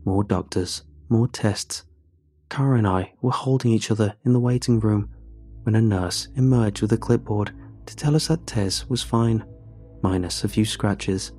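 A man narrating a horror story in a measured, somber way. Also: on the low side, a little mellow, faint music behind.

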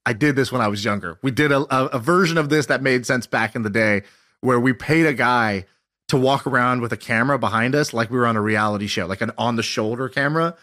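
A man in his thirties co-hosting a podcast, telling stories in an animated way and acting out quotes. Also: medium pitch, fast. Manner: animated storyteller, laughs often, acts out quotes. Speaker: podcast co-host. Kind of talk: casual chat.

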